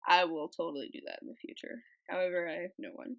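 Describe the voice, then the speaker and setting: Talking fast in a creaky, lowish voice with fairly even intonation, a woman reads posts aloud and chats over her speedpaint. She's rambling and giggly, often restarting or trailing off, and the rough recording picks up her bumped desk mic.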